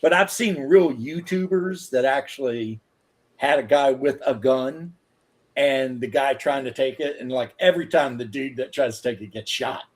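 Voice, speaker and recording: A man chats casually and rambles along, leaning on "like" and "you know" as he goes. His pitch is ordinary and middle of the range. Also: moderate pace. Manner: loose, rambling, filler-heavy talk. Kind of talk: casual chat.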